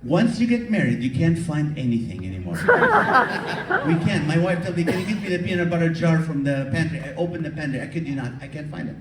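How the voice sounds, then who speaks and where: A man doing stand-up comedy, teasing the audience in an animated way, recorded live from the crowd. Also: fairly high pitch, fairly quick, recorded from a distance, heavy background noise. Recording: echoey hall taped from the audience. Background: audience laughter.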